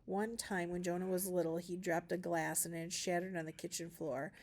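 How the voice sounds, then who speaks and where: A woman reading a novel aloud for a school class, narrating calmly with small shifts of voice for the characters. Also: fairly low pitch, fairly quick. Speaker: reader.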